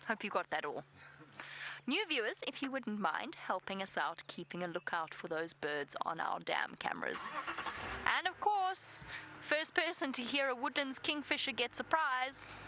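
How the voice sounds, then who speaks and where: A woman's voice: fairly high pitch, sing-song, normal speed, noisy background. A South African woman giving live safari commentary from an open vehicle outdoors, chatty and self-deprecating. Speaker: safari guide.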